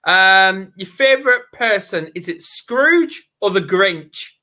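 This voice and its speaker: Bright-voiced Northern English male host. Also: sits high, expressive, takes it slowly. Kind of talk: live online interview, quick-fire questions.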